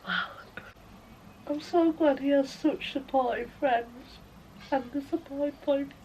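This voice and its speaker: A woman's voice: sits high, measured pace, a little mellow, dull audio, slight background noise. Gushing young woman book vlogger. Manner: gushing, emotional. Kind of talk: reading vlog commentary.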